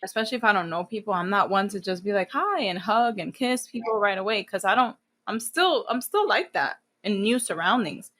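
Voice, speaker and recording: A woman's voice: mid-range voice, lively intonation, a little fast, few pauses, a bit bright. A woman in her thirties from New Jersey, a guest in an interview, talking bluntly with lots of swearing and acting out things she once said. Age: 30s. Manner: blunt, swears freely, acts out her own past lines. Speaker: guest, event planner. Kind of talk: candid casual interview.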